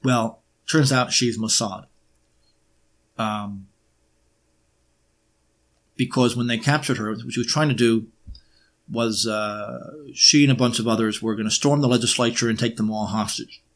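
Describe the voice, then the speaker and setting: A man delivers a lecture-style monologue in a mid-range, steady voice. He often hesitates on fillers and tosses in sarcastic rhetorical questions.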